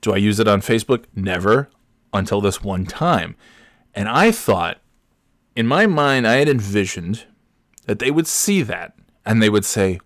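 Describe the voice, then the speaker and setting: A man in his forties with a low voice tells stories at a loose, rambling pace, doubling back on his words and breaking into laughter. He sounds close and dry, with no echo at all. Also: sing-song, a little slow, pauses often. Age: 40s. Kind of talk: casual storytelling monologue.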